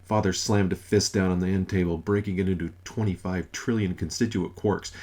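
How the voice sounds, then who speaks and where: Deep-voiced man narrating a comic novel. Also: fairly even intonation, fairly quick, few pauses, a little mellow. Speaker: audiobook narrator.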